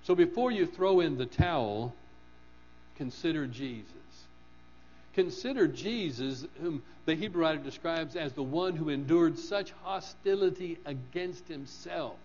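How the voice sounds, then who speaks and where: A man preaching a sermon in an earnest manner, rising to fervent emphasis and dropping low on key phrases. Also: normal speed, few pauses, darkish tone. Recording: dull lo-fi recording with mains hum.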